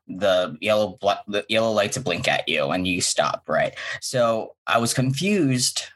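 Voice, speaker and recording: A man telling a true story on a comedy podcast, animated and giggly, rambling with fillers and restarts. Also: fairly low pitch, measured pace. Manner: animated and giggly, laughs mid-sentence. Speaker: podcast guest.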